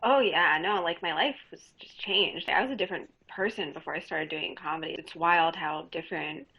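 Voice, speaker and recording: A fairly low-pitched woman speaks candidly as a guest comedian, often breaking into laughter mid-story. The recording sounds slightly dull and lo-fi, like a casual podcast. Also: normal speed, breathy edge. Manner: candid, laughs often while telling stories.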